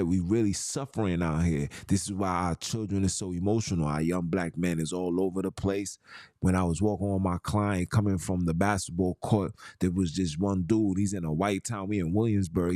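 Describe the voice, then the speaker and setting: A man's voice: sits low, darkish tone, no echo, studio quality. A man hosting a podcast, talking in a casual, emphatic monologue full of street slang and preachy asides. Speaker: podcast host.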